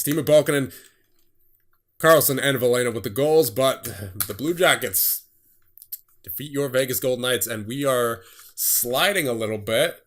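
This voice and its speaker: A young man giving casual commentary on a sports management game, reading scores in quick bursts and laughing at himself. His voice is getting tired. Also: medium pitch, fairly bright tone. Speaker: gaming streamer.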